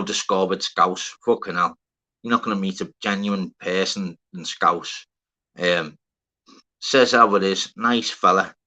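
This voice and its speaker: A man's voice: mid-range voice, sharp tone. A man hosting a livestream, bantering casually with viewers, swearing freely and greeting them by name. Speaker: livestream host. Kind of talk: casual live-chat banter.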